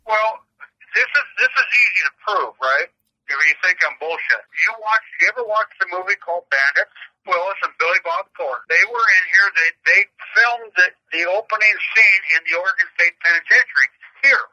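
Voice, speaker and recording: Over a muffled, lo-fi phone line, a prison inmate takes questions in a high, bright, pushed voice that's expressive and a little fast. He rambles through stories and crude jokes, stumbling and repeating words.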